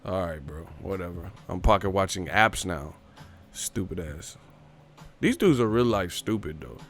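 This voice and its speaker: A man's voice: low-pitched, expressive, a little slow. A man hosting a boxing livestream, ranting casually in a profane, mocking way and laughing often. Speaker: boxing show host.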